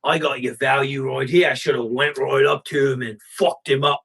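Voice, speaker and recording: A man's voice: medium pitch, steady tone, normal speed, vocal fry, a bit bright, slightly rough, rough recording. A man hosting a livestream, ranting profanely and talking back to his chat. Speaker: livestream host. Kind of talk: casual livestream rant.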